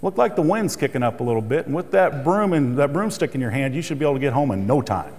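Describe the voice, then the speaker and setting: A quiet, deadpan cashier woman keeps her cool, played by a male speaker in his own voice. Her dry delivery stays low-key. The hall adds a long echo. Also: quick pace, a little hiss or hum. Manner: calm, deadpan. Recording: reverberant hall.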